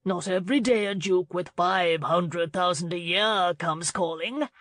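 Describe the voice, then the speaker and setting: A woman's voice: mid-range voice, takes it slowly, fairly bright tone, dry recording. Lady doing a jolly chubby old lord, chortling and cheerful. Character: jovial rotund older lord, cheerful.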